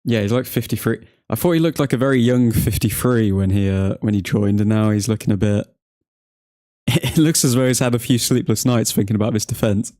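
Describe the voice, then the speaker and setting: A man's voice: lowish voice, a little fast, mellow, dry recording. A young man from England hosting a football watchalong stream, chatting to viewers, joking and laughing often. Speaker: watchalong livestream host. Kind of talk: casual live chat to viewers.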